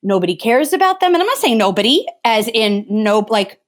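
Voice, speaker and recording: A woman's voice: a little high, very animated, a little fast. A middle-aged woman talking earnestly in a conversation, emphatic and often restarting her phrases. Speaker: theatre vocal coach.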